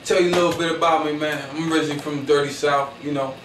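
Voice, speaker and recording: Talking very fast in a slightly high, bright voice that stays steady in tone, a man from Philadelphia performs a comedic storytelling monologue. His delivery is slangy, boastful and rambling, full of "you know what I'm saying," captured echoey and distant with faint noise.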